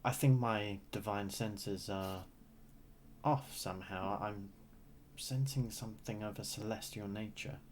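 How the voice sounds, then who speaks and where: A player in a casual tabletop game, playful and quick to laugh. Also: sits low, fairly even intonation, slight background noise.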